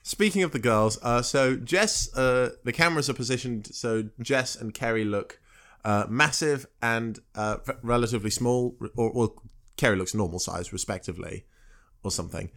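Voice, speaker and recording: A man co-hosting a casual podcast, recapping a TV episode in a halting, hesitant way with many pauses and self-corrections. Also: mid-range voice, fairly bright tone. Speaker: podcast co-host.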